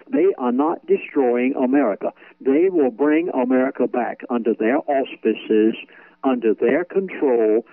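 A man's voice: medium pitch, no room sound. Emphatic preaching man on a phone line. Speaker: pastor. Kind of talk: phone-in radio interview.

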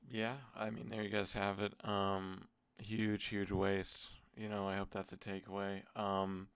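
A man's voice: lowish voice, level tone, normal speed, gravelly, a bit bright, smooth, no echo. A man streaming an online gambling session, swearing and muttering in exasperation at his losses. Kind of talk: casual gambling commentary.

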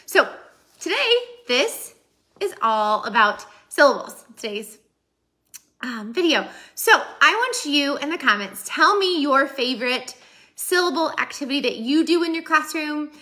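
A woman's voice: sits high, very animated, measured pace, pushed and bright. A woman hosting a casual teaching video for preschool teachers, chatty and upbeat with many fillers.

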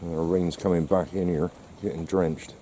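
A man's voice: low voice, flat delivery, normal speed, warm tone, a little hiss or hum. A man filming a countryside walk, chatting casually to his dog and the camera. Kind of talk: casual vlog narration. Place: outdoors in the countryside.

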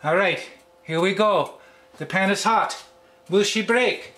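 A man's voice: sits high, slow, sharp tone, a little hiss or hum. A man hosting a home cookware test vlog, who talks playfully to the pan as if it were a person. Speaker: channel host.

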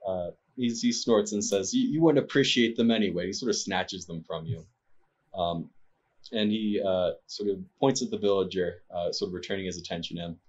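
A man's voice: low-pitched, steady tone, normal speed, a little mellow, highs cut off. A man narrating a tabletop game as game master, hesitant and full of fillers.

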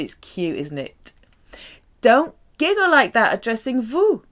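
Woman teaching french vocab, slow and careful, voice going up and down a lot. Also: on the high side. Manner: slow, careful, lively delivery with drawn-out French examples. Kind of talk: language lesson.

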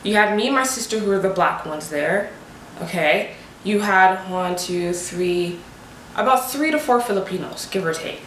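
A woman's voice: mid-range voice, normal speed, a little hiss or hum. Young woman ranting through a storytime, emphatic, lots of "like, what?", echoey room. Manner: animated, emphatic, full of rhetorical questions. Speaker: vlogger. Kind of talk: storytime vlog. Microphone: desk USB microphone. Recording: roomy echo.

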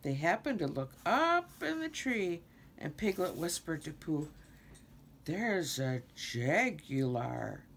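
An older woman slowly reading a children's storybook aloud, with a lot of expression. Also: fairly low pitch, a little hiss or hum. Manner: slow, expressive reading with many character voices. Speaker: storybook reader.

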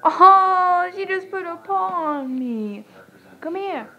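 A woman's voice: very high voice, animated, slow pace, muffled recording. A woman vlogging in a casual, rambling way, cooing baby talk at her dogs between chatty asides. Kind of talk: casual chat to camera.

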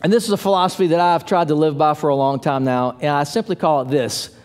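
A man preaching a sermon as pastor, telling stories in an animated, playful way with little voices for the characters. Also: on the high side, fast. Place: church sanctuary. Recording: long hall reverb.

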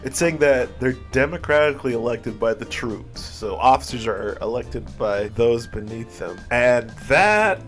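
A man's voice: mid-range voice, lively intonation, a little slow, hardly any pauses, faint music behind. Laid-back swearing gamer guy. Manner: rambling, swearing, laughing often. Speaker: video game streamer. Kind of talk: casual let's-play commentary.

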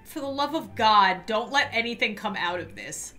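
A woman's voice: fairly high pitch, lively intonation, moderate pace, pushed and bright, soft background music. A young woman commenting while playing a game, reacting in a squeamish, dramatic way and laughing often. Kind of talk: let's-play commentary.

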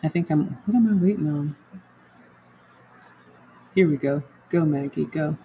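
A woman's voice: sits low, measured pace, warm tone, a little hiss or hum, poor audio. A woman home cook chatting casually on a livestream, walking viewers through her cooking and reading their comments aloud.

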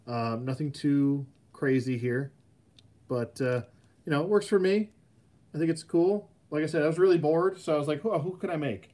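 A man's voice: on the high side, steady tone, moderate pace, mellow. A man casually chatting on a live stream about custom action figures, rambling with plenty of fillers. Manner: rambling, filler-heavy, easygoing.

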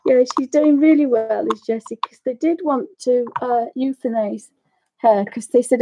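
A woman's voice: fairly high pitch, moderate pace, warm tone. A middle-aged woman chatting and rambling while demonstrating colouring, often apologising for her tangents. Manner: rambling, apologetic, ranting asides. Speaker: craft tutorial host.

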